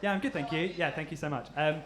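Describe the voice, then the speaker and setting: A man's voice: a little high, fast. A man hosting a live comedy show, hyped and rambling, swearing as he talks to the act in a comedy club. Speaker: show host. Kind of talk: live compere banter. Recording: loud crowd and noise, far from mic.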